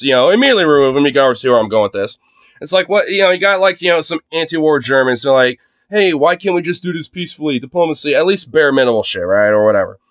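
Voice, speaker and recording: A man's voice: mid-range voice, a bit bright, smooth, dry recording. A young man streaming live from his phone, ranting sarcastically and profanely through his commentary. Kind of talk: livestream commentary rant.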